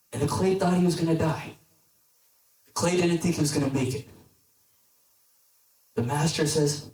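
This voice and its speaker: A man's voice: moderate pace, long pauses, darkish tone. A man, a deacon, giving a casual sermon to a youth group, telling a story and often checking in with his listeners. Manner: conversational, checks in with the audience; storytelling, drops low for emphasis. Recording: echoey hall, distant mic.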